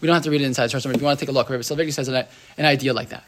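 A man's voice: medium pitch, steady tone, rapid-fire, slight background noise. A man teaching a conversational Torah class as a rabbi, often checking in with the room and mixing Hebrew terms into his English. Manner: chatty, asks the room "right?", lots of restarts and "like".

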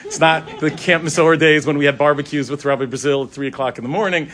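A middle-aged man, a rabbi, telling a story in an animated way, acting out the dialogue. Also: on the high side, fast. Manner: animated, acts out dialogue in shifting voices. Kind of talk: storytelling talk.

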